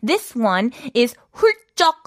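A woman hosting a casual language lesson, bubbly and quick to laugh while explaining words. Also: fairly high pitch, big pitch swings, no echo, clean studio sound. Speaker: language teacher co-host.

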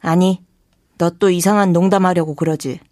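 A woman's voice: fairly low pitch, rapid-fire, dry recording, clean studio sound, close to an everyday voice. A woman playing an unimpressed young woman. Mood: exasperated. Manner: flat, exasperated, dismissive. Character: unimpressed young woman, tired of bad jokes. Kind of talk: scripted dialogue for a language lesson.

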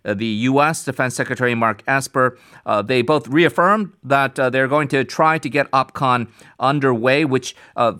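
A man with a middle-range voice hosts a radio news interview, setting up the background and then putting questions to a guest. He talks conversationally and often pauses on filler sounds. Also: mid-range voice, pushed and bright, smooth.

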